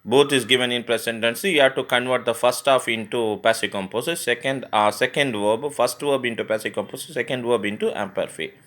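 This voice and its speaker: Male tutor, mid-pitched, halting explainer who spells verbs out letter by letter. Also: a bit bright. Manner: spells words letter by letter, frequent fillers and restarts. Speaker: French teacher. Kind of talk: grammar lesson explanation.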